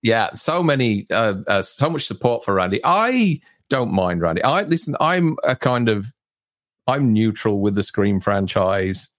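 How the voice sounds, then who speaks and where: An easygoing man co-hosting a casual live-stream talk, reading viewer comments aloud as he goes. His voice sits on the low side, and the recording is dry and close. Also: big pitch swings, measured pace, dry recording. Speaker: co-host.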